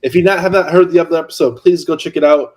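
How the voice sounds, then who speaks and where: A man's voice: a little high, fast, darkish tone. A man hosting a real estate podcast, introducing the episode and his guest in an upbeat, eager way. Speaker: podcast host.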